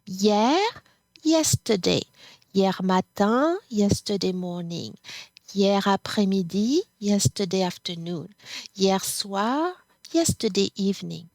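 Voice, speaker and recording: A woman teaching a grammar lesson, saying each form slowly and then repeating it. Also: mid-range voice, expressive, a little mellow, no room sound. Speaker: French teacher. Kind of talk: slow, careful grammar lesson.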